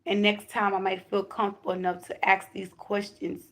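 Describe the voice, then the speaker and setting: A woman's voice: mid-range voice, monotone, a little fast. A woman talking casually and emphatically to her viewers as a spiritual reader. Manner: chatty, emphatic, addresses viewers directly.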